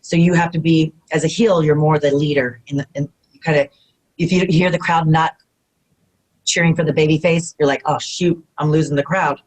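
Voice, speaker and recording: A woman guest in an interview, telling stories in a casual, animated way, often acting out quotes and saying "you know what I mean". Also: sits low, normal speed, low-quality recording. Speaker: retired pro wrestler guest.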